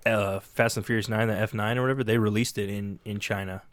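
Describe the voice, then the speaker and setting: A man co-hosting a podcast, talking in a rambling, sarcastic way with many pauses and fillers. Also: fairly low pitch, fairly even intonation, no room sound. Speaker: podcast co-host. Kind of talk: casual podcast chat.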